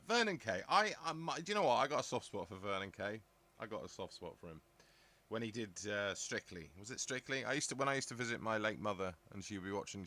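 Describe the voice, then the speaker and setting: A man's voice: fairly low pitch, pushed and bright. A middle-aged man from southern England chatting casually on a live stream, rambling and musing aloud as he answers comments from his viewers. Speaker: live stream host reading chat. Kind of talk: casual live-chat talk.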